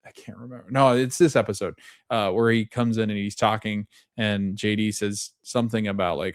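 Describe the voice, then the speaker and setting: Male podcast host, low voice, dry close mic, loose chatty recap with lots of ums. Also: fairly even intonation, brisk, dry recording. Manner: rambling, retells scenes with loose quotes and fillers. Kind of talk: casual recap and reaction.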